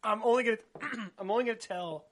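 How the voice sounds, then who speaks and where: A young man telling an awkward dating story in a casual podcast chat, animated and often laughing. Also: high voice, fast, slight background noise. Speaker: podcast co-host.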